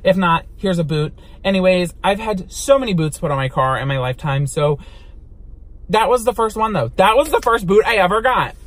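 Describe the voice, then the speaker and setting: High-voiced young man telling a story. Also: moderate pace. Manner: animated, dramatic retelling with swearing. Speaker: vlogger. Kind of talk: storytime vlog. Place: inside a car.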